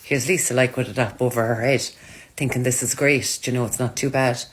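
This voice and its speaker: A woman's voice: a bass voice, fairly even intonation, fairly quick. A woman chatting casually to her followers, telling self-mocking stories. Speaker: social media creator.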